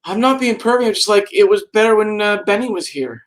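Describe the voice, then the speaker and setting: A man's voice: sits high, animated, brisk. A man co-hosting a casual live-stream chat, playful and rambling. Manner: chatty and playful, rambling and humming to himself. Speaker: podcast co-host.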